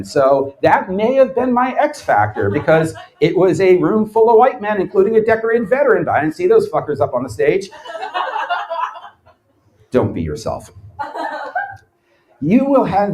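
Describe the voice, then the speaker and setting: Male lecturer, 30s, slightly higher voice, dry comic storyteller before a live crowd. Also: rough recording. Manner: sardonic, animated storytelling with acted-out quotes. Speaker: lecturer, former quiz show champion. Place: bar event space before a live audience.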